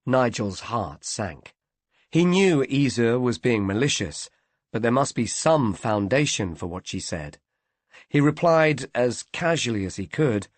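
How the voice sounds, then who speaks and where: Guy narrating an old mystery novel, lively intonation, dry close sound. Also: medium pitch, a little slow, dry recording. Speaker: audiobook narrator. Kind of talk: scripted narration.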